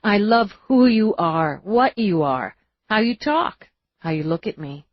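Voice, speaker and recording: A woman's voice: mid-range voice, expressive, a little slow, dry recording, voice pushed up. A woman narrator voicing a blunt, tough woman police lieutenant who talks curtly but turns tender, in a dull, dry recording.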